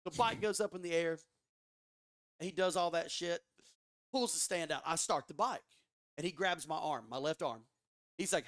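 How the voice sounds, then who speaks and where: A man guest on a podcast telling a story in a casual, animated way, swearing often and restarting his sentences. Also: on the high side, normal speed, long pauses, no echo, clean studio sound. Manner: animated, profane, frequent restarts. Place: studio.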